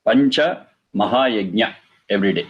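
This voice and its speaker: A man giving a religious lecture, reciting verses and explaining them slowly. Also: fairly low pitch, lively intonation, muffled recording. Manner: slow, repeats Sanskrit phrases and explains them. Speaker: Vedic teacher.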